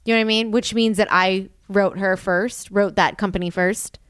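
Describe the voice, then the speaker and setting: A young woman hosting a podcast in casual chat, talking fast with lots of "like" fillers. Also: medium pitch, fairly even intonation, fairly bright tone, smooth, no room sound, studio quality. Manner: chatty, filler-heavy with lots of "like". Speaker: podcast host.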